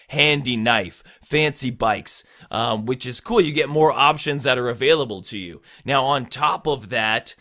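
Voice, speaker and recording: A man walks through a lesson in an easygoing way, pausing often on fillers as he explains. His voice is bright and middle-pitched, talking to viewers like a friendly teacher. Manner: relaxed, filler-heavy explaining. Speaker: rap teacher. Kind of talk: casual tutorial.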